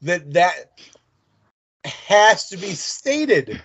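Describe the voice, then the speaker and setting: Male podcast co-host, playful and teasing, relaxed chatter, dull lo-fi recording. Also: high voice, extremely slow, husky. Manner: jokey, playfully mangling names. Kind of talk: casual chat. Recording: muffled lo-fi audio.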